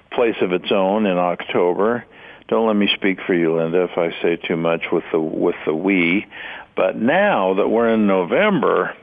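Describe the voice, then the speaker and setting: A man co-hosting a radio talk show, chatting casually with a wry, teasing manner. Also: low-pitched. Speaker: radio co-host. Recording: phone-like lo-fi radio audio.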